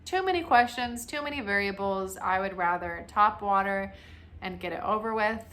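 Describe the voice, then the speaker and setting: A woman in her twenties chatting casually to camera about houseplants, self-mocking and quick to laugh. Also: medium pitch, bright, forceful tone. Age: 20s. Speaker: plant vlogger.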